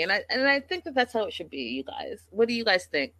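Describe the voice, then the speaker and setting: A woman's voice: mid-range voice, sing-song, fast, a bit bright, no room sound. Chatty, gossipy woman livestreamer. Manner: chatty, gossipy, addresses the audience directly. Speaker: livestream host. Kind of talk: casual recap chat.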